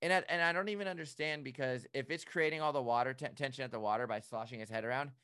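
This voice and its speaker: Excitable man telling a boat story. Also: mid-range voice, fast talker, smooth, no echo. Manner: excitable storyteller, acts out his own reactions. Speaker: boat operator and podcast co-host. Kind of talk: casual chat.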